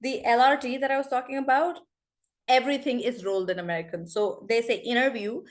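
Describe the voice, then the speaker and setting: A chatty woman leads an online accent lesson. Her voice sits a little high, and she slows down to repeat example words. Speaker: accent teacher. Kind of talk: online class.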